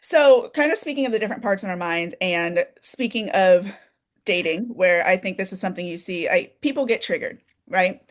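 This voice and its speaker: A woman hosting a podcast interview, calm and affirming as she steers the chat. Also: medium pitch, normal speed. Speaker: podcast host.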